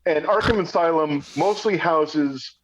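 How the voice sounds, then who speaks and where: A man's voice: on the high side, a little slow, slight background noise. A man guesting on a podcast, chatting casually and playfully. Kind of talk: casual chat. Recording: slightly dull, muffled audio.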